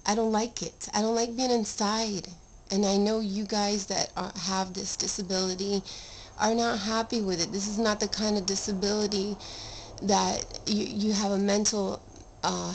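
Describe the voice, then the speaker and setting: A middle-aged woman speaks to her viewers in an earnest, rambling way, restarting her sentences and now and then pushing a word up hard. Her voice sits at an ordinary pitch for a woman. A faint hiss of noise runs under the recording. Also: little pitch movement, moderate pace, darkish tone, rough recording. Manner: earnest, rambling, with restarts and sudden emphatic rises. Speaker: vlogger sharing her illness story. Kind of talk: casual heartfelt talk to camera.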